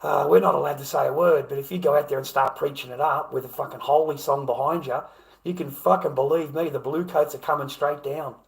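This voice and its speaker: Aussie bloke streaming live, gravelly voice, swears a lot, keeps tripping over his words. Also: fairly high pitch, steady tone, a little fast, poor audio. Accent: Australian. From Australia. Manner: blunt and profane, with frequent stammering restarts. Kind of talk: casual live-stream chat.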